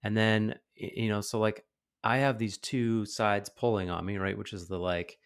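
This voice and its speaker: Gravelly man in his thirties, storytelling. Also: lowish voice, moderate pace. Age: 30s. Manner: animated storyteller, acts out quoted voices. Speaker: podcast host. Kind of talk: casual podcast conversation.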